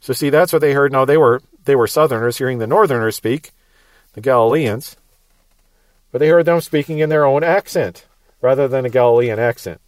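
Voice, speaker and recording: A man with a Midwestern American accent teaches the Bible verse by verse, explaining patiently and repeating words as he goes. His mid-range voice is brisk, recorded with no room sound.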